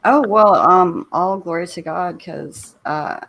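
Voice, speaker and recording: A woman giving a personal testimony on a live stream, soft-spoken, hesitant and slightly nervous. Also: on the low side, slow, vocal fry.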